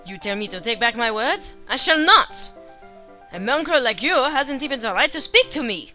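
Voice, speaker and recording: A woman's voice: medium pitch, a little fast, sharp tone, natural voice. A woman voicing a haughty, imperious aristocratic male pigeon from a dating game, with game music behind. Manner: imperious, contemptuous.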